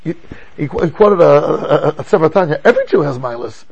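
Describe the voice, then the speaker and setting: Man giving a lively Torah class, high gravelly husky voice, rhetorical questions, stumbling restarts. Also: fast, highs cut off. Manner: animated, rhetorical questions, frequent stammering restarts. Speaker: rabbi teaching a Torah class. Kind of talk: animated Torah lecture.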